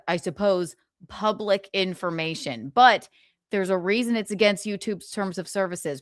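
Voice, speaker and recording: A woman's voice: medium pitch, fairly bright tone, dry recording, studio quality. A woman hosting a gossip livestream, talking casually, swearing often and rambling sarcastically.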